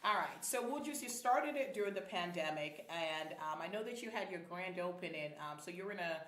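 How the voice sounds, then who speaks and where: A middle-aged woman hosting a casual interview, animated and laughing often. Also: fairly quick. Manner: animated, laughs often, jumps into high-pitched exclamations. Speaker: podcast host. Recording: echoey room.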